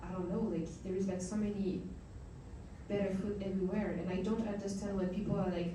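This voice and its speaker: A woman's voice: medium pitch, fairly even intonation, fairly quick, warm tone, a little hiss or hum. A young French woman with a French accent, talking as a guest in a fireside chat and laughing often. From France. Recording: echoey hall, mic at a distance.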